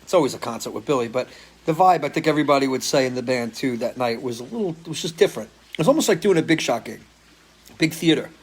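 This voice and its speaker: A man's voice: mid-range voice, lively intonation, fast talker, husky. A man hosting a live stream as a musician, chatting casually and answering viewer comments, loose and swearing freely. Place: home, living in Florida.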